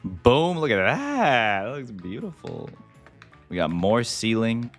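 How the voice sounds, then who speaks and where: A man giving excitable gameplay commentary as the host, talking to himself and to viewers and calling everyone "dude". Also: medium pitch, slow pace, faint music behind. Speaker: gaming video host.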